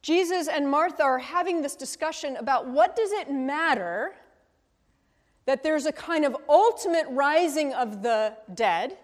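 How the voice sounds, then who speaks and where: A woman's voice: high voice, expressive, unhurried. A woman leading a conversational Bible study, thinking aloud and asking the group questions with a frequent "right?". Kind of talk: conversational scripture teaching. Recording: long reverb from a hall.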